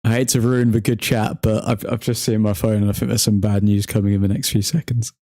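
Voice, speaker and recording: A young man hosts a football watchalong livestream, trading jokes with the chat and laughing easily. His voice is mellow and warm, with a dry, close sound and an easy, casual delivery. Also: fairly low pitch, flat delivery, fairly quick, no echo. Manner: joking banter, laughs often, talks to chat by name. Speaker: livestream host reading chat.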